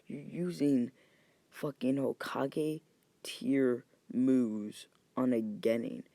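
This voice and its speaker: A guy doing fed-up village leaders in a fan story, gravelly and low-toned, swearing in disbelief, no real put-on voice at all, just his own dry close sound with nothing around it. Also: steady tone, extremely slow, dark tone, dry recording. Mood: incredulous. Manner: incredulous, profane.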